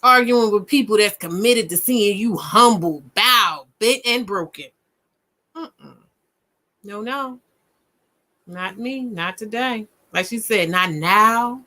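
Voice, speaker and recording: A woman co-hosting a casual chat, talking emphatically and repeating her points with punch, dropping low and then bursting out loud and high. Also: slow. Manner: emphatic and ranting, with punchy repetition. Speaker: podcast co-host.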